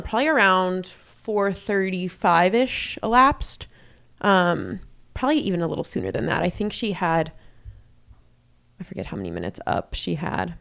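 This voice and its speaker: A woman's voice: on the low side, vocal fry, smooth. A young woman commentating a live running race in a chatty way, with many fillers as she runs through splits and standings.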